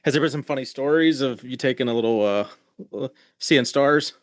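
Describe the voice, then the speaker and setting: A man's voice: medium pitch, brisk, no echo, clean studio sound. A man hosting a podcast, asking rambling questions and joking along in casual interview chat. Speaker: podcast host.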